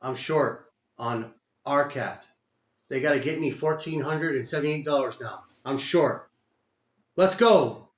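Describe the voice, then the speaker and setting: A man's voice: mid-range voice, unhurried. A man giving live commentary on his own day trades, muttering, cursing and repeating himself in frustration. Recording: roomy echo.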